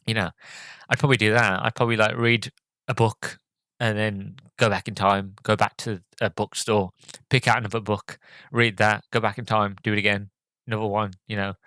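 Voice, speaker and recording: A man hosting a podcast, talking through a movie review in a halting, hesitant way with many fillers, audibly choked up and emotional. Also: on the low side, level tone, pushed and bright, no echo. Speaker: podcast host.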